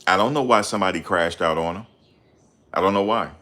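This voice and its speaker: A man hosting a casual livestream, reading viewer comments and ranting heatedly with loud outbursts and repeated phrases. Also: sits low, fairly quick. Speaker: livestream host.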